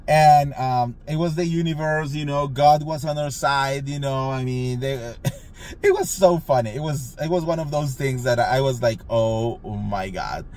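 A man telling a gossipy storytime in a casual vlog, acting out quotes in a higher voice. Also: normal speed, darkish tone. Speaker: vlogger. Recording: faint background noise.

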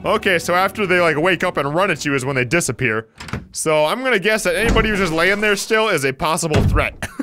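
A man's voice: high-pitched, expressive, fast. A man giving let's-play commentary on a horror game, jumpy, often shrieking and laughing nervously. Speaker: gaming commentator. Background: game music.

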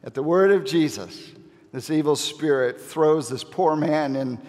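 A male pastor preaching a sermon in a large church, emphatic, with dramatic pauses and repeated key phrases. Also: fairly high pitch, a little mellow. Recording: long reverb of a church hall.

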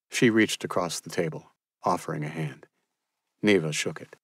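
A man reading literary fiction as an audiobook narrator in a measured, expressive manner. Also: sits low, breathy edge, no echo, clean studio sound.

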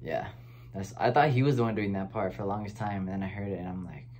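A man's voice: deep voice, fast, darkish tone, a little hiss or hum. A man hosting a casual music reaction chat, talking in a laid-back, rambling way with lots of fillers. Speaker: host.

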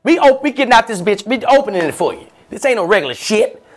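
A man voicing a loud, boastful male luxury car driver. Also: very animated, fast. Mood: hyped. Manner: loud, boastful, high-pitched.

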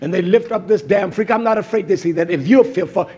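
A man preaching a fiery sermon, blunt and cursing freely, swinging from shouts to hushed tones. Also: high-pitched, fast talker.

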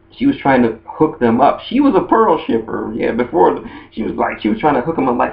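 Speaking at a measured pace in an expressive, creaky mid-range voice, this man hosts an anime fan video. His casual monologue about a cartoon ship wanders and keeps starting over mid-sentence, captured on a dull lo-fi recording.

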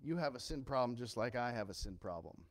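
A man preaching a sermon as pastor, passionate and earnest, dropping low and quiet then rising to loud emphatic cries. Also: lively intonation, fast.

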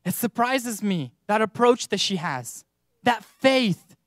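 A man preaching a sermon in church, earnest, with emphatic rises and slow stressed words. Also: sits high, expressive, no echo, studio quality.

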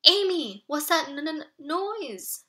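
A woman's voice: a little high, lively intonation, normal speed, pushed and bright. A woman reading aloud, voicing a scared little boy who sometimes whispers in fear. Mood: panicked. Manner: fearful, whispering at times.

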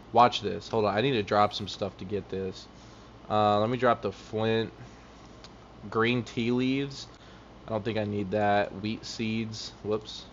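A man live-streaming a game, excitable and out of breath, talking to his chat. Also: lowish voice, highs cut off, a little hiss or hum. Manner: animated, excitable, laughing often, talking to chat.

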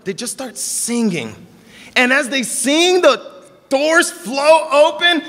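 A young man preaching a sermon, telling stories and acting out the dialogue with lively energy. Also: very high voice, a little slow. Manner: animated storytelling, acting out dialogue. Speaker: pastor. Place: church service in a hall. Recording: long reverb of a hall.

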